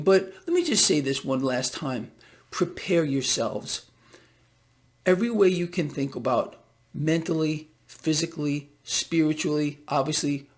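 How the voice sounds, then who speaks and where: A man with a runny nose giving emphatic, repetitive market commentary to his viewers in a casual vlog. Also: a little high. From United States. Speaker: financial video blogger.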